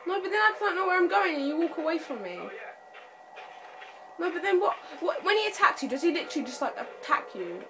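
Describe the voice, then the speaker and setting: A woman's voice: extremely high pitch, big pitch swings, brisk. A young woman chatting while playing a horror game with friends, scared and jumpy, breaking into screams and nervous laughter. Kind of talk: casual let's-play chat. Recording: noisy home recording.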